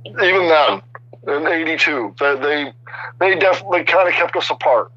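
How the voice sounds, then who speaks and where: A man's voice: a little high, moderate pace, slightly rough, no room sound, dull audio. Older man telling rambling career stories. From Chicago area. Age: 60s. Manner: rambling, animated, many restarts. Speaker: guest artist. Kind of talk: casual storytelling interview.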